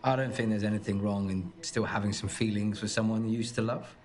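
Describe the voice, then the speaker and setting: A man's voice: fairly low pitch, fairly even intonation, a little fast, a little mellow. A man on a date show, bantering in a cocky, joking way. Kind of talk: flirty banter.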